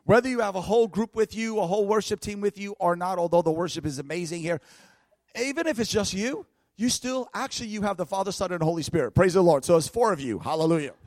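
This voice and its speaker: A man preaching a storytelling sermon at a church service, lively, laughing often and breaking into shouts. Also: sits high, no echo. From United States.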